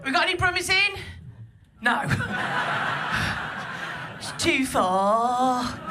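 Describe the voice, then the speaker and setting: A woman's voice: sits high, big pitch swings, measured pace, background noise. A woman from Birmingham with a Birmingham accent, performing a bawdy stand-up set and teasing the audience. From Birmingham, England. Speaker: stand-up comedian. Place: comedy club stage.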